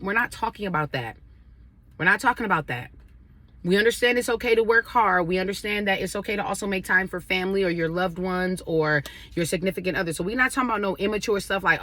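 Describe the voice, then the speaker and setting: Casting note: woman, bright and lively, talks straight to camera over a meal, friendly advice-giver. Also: mid-range voice, a little fast, no room sound. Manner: chatty, addresses viewers directly, eating while talking. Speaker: vlogger sharing advice. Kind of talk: casual chat over a meal.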